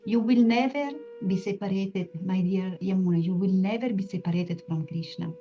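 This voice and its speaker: A woman's voice: mid-range voice, moderate pace, natural voice. A woman voicing a devoted young goddess in a devotional story. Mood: pleading. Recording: dull lo-fi sound, soft music behind.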